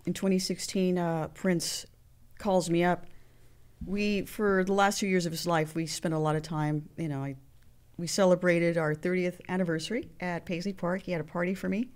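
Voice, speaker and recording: A woman speaking as an interview guest, in an earnest, halting way, with restarts as she gathers her thoughts. Her voice sits a little low for a woman, and she tells her story in a heartfelt, personal tone. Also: steady tone, a little mellow. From Mexican heritage.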